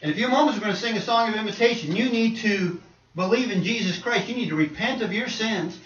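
A middle-aged man preaching a sermon, swinging between quiet asides and loud, emphatic points. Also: sits high, quick pace. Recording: roomy, distant and dull with faint noise.

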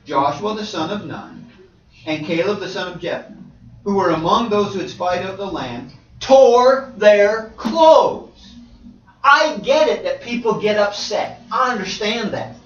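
Animated preacher man, roomy distant sound. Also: high-pitched, moderate pace. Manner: animated, rising to loud exclamations. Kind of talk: sermon. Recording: roomy, distant, slightly dull.

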